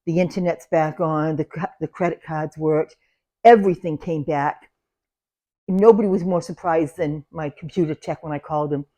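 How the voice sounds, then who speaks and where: A woman's voice: low voice, normal speed. Older woman telling salon stories. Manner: animated, laughs through anecdotes, loud when acting out yelling. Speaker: salon owner. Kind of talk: casual storytelling.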